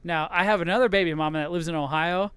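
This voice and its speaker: A man's voice: a little high, fairly even intonation, quick pace, a bit bright, clear, resonant tone, dry recording. A middle-aged man hosting a podcast, telling stories in a profane, casual rant. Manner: profane storytelling. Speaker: podcast host. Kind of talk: casual ranting chat.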